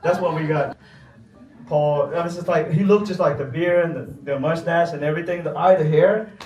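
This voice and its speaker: A man's voice: a little high, normal speed, a little mellow, highs cut off. A man making a playful, laughing introduction of a guest speaker. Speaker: event host introducing a guest. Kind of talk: casual introduction. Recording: echoey room, distant mic, faint music.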